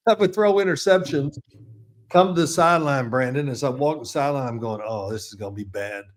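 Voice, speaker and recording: A man's voice: mid-range voice, a little fast. A man in his sixties, a football analyst guest, telling chatty, rambling anecdotes with restarts and chuckles in a casual interview.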